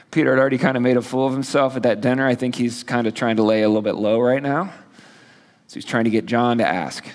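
A man's voice: mid-range voice, fast talker, long reverb tail. A male pastor teaching a sermon in a casual, storytelling way with playful asides. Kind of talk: sermon, conversational Bible teaching.

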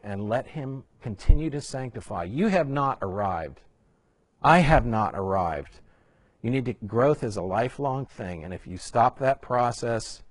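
A man's voice: mid-range voice, no room sound. A man teaching church small group leaders in a conversational way, reading scripture aloud with rising emphasis and slipping in jokey asides.

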